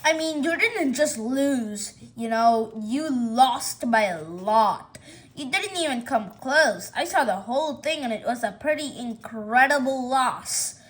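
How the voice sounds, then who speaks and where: A chatty cat announcer from a storybook rambles on, as a woman reads him. The voice sits high and the delivery is slow and drawn out, nudging with question after question. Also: expressive. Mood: pushy. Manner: rambling, pushy interviewer.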